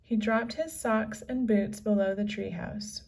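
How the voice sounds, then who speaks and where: A woman reading a children's book aloud in a slow, expressive storytelling manner. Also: medium pitch. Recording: distant from the mic.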